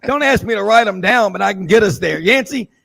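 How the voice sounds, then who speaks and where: A man with a slightly high, gravelly voice hosts a casual sports radio roundtable. He rambles and jokes, drifting into stories between questions. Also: lively intonation, fairly quick, fairly bright tone. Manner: rambling, jokey storyteller.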